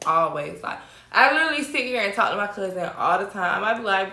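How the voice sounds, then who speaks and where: A woman's voice: medium pitch, animated, fairly quick, pushed and bright. A woman guest in a casual chat, giving emphatic advice. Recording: roomy echo.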